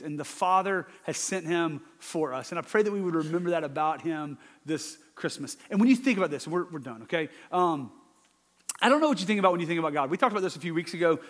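A man, a father, preaching a sermon in a conversational, animated way, swinging from loud emphasis to hushed asides. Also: sits high, in a large hall. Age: adult father. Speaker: pastor.

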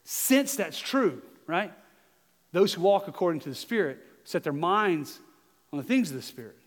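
Southern pastor guy preaching, high voice, kinda echoey church hall, earnest with little jokes. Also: expressive. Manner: earnest, emphatic preaching with quick asides and self-mocking humor. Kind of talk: sermon. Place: church sanctuary. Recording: long hall reverb.

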